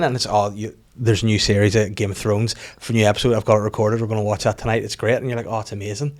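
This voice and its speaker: Low-voiced man hosting a comedy podcast. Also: little pitch movement, rapid-fire, few pauses, darkish tone. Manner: rambling, with many restarts and acted-out quotes. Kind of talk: casual podcast chat.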